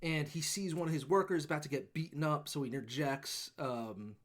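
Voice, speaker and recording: A man's voice: fairly high pitch, a little fast. A man co-hosting a casual movie podcast, ranting and swearing as he retells a plot and acts out lines. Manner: animated ranting, swears, acts out characters in quotes. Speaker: podcast co-host. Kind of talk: casual movie review chat.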